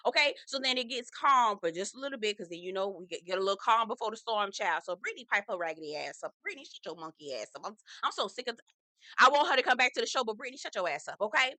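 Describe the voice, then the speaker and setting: A woman's voice: mid-range voice, big pitch swings, rapid-fire, sharp tone, dry recording. A woman casually recapping a reality TV episode in a sassy, profane, gossipy way, slipping into impressions of the cast. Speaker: reality TV reviewer.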